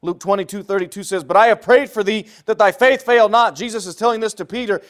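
High-voiced man preaching a lively sermon. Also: fast talker, few pauses, a little hiss or hum. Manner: lively storytelling preaching, swinging from loud highs to hushed lows.

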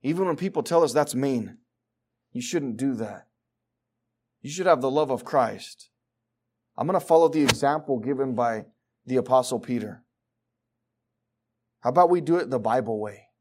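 A man preaching a sermon with fervour, swinging from low, quiet stretches to loud, emphatic bursts. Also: lively intonation, moderate pace, long pauses.

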